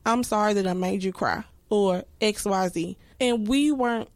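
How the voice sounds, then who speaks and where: A woman's voice: mid-range voice, moderate pace, no room sound. A woman in her thirties speaking candidly and reflectively as a podcast guest, full of restarts and filler words. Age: 30s.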